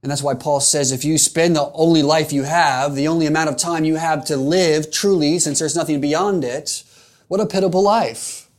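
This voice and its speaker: A man's voice: a little high, steady tone, moderate pace, few pauses. A man preaching a sermon in an earnest, emphatic way, repeating phrases for rhetorical weight.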